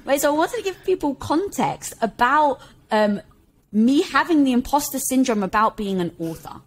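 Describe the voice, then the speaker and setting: Lively, animated woman telling stories. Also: high voice, normal speed, slight background noise. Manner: expressive, laughs while telling stories, quotes herself. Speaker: podcast guest, author. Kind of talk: animated conversational storytelling.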